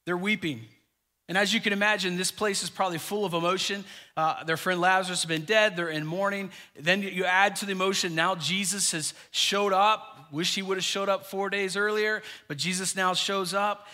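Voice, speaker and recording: High, bright-voiced man preaching a sermon. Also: moderate pace. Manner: preaching with emphatic repetition, dropping quiet for scripture. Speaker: pastor.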